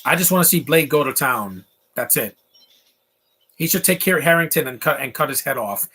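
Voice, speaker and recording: Rambling opinionated man with a husky tone. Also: medium pitch, lively intonation, fairly quick, pushed and bright. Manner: opinionated, rambling, with fillers and asides. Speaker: film commentator. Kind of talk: casual live movie commentary.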